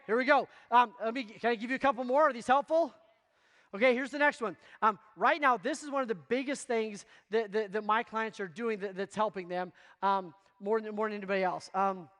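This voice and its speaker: A man giving a motivational keynote to real estate agents, energetic and constantly checking in with the audience. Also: high-pitched, long reverb tail. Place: conference stage before a live audience.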